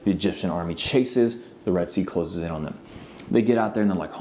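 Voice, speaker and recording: A man's voice: deep voice, a little fast, warm tone, slight background noise. A male pastor preaching in a conversational, storytelling way, with frequent asides to the congregation. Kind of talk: sermon.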